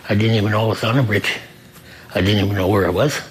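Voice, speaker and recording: A man who works the front desk at a recovery program, telling his own story in an earnest, halting way and often repeating himself. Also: on the low side, steady tone, a little hiss or hum, low-quality recording. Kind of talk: personal testimony in an interview.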